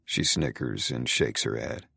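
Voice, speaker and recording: A man's voice: extremely low pitch, a little slow, gravelly, pushed and bright, slightly rough, dry recording, clean studio sound. A man narrating a first-person romance audiobook in a brooding, intimate way.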